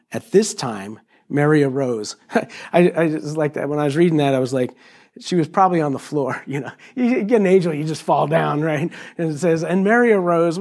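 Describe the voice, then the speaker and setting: Male pastor, middle-aged, lively and jokey sermon delivery, fairly high voice. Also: normal speed. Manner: animated, jokey, acts out quotes in high voices.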